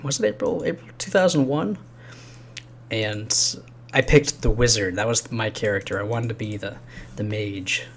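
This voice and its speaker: A man's voice: lowish voice, normal speed, slight background noise. Casual male game host, thirties, talks in loose trailing phrases with fillers. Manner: rambling, chuckling, trailing off into fillers. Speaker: game host recording a quest playthrough. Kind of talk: casual gaming chat.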